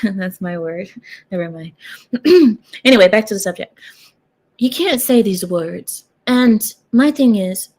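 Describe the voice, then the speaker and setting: A young woman talking straight to her viewers in a sarcastic, rambling vlog rant. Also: on the high side. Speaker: vlogger. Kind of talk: casual talking-head rant.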